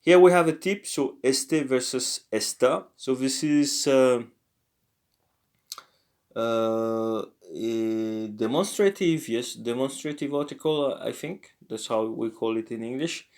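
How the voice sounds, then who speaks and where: A man teaching a casual language lesson, talking slowly and haltingly with many fillers and self-corrections. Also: mid-range voice, a little mellow. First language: French.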